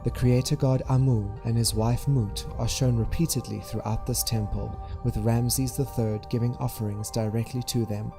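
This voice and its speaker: A man reading measured, informative documentary narration. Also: medium pitch, fairly even intonation, gravelly. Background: music.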